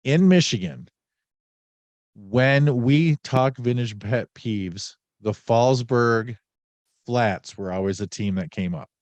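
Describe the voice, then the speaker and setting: A man's voice: mid-range voice, takes it slowly, darkish tone, no room sound, lo-fi sound. A man hosting a podcast in casual chat, a little under the weather, rambling and joking with many fillers. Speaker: podcast host.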